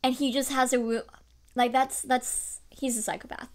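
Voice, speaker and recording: A young woman book vlogger telling and reacting to a fairy tale in an animated, chatty, casual way. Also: high voice, moderate pace. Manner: animated, chatty, lots of fillers and laughs. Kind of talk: casual book review chat.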